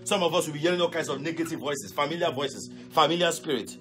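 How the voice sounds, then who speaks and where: A pastor leading a fervent live prayer sermon, shouting repeated commands and breaking into tongues. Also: male voice, fairly high pitch, quick pace, over music. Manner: speaks in tongues between prayers.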